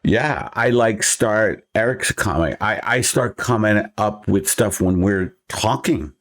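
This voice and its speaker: A man's voice: fairly low pitch, a little slow, a bit bright. An older man, a comedian telling wry stories in a casual interview. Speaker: guest comedian. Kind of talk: casual chat.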